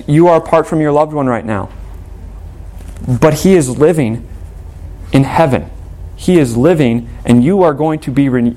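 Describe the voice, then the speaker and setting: A man's voice: mid-range voice, darkish tone. A man preaching a sermon as a pastor, reading scripture aloud and asking rhetorical questions in an earnest tone.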